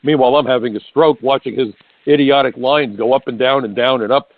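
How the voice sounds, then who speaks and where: A man's voice: medium pitch, fairly even intonation, a little fast, dry recording. A man, hosting a talk radio show, delivering an emphatic, sarcastic monologue. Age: 60s. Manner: emphatic, sarcastic, mimics politicians in mocking voices. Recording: dry, phone-like narrow sound.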